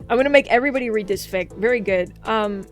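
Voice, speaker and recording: Hyped-up woman streamer rambling on stream, kinda high voice, swears a ton, faint music under it. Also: a little fast. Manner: excitable, swears a lot, frequent laughing outbursts. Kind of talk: casual live-stream chat.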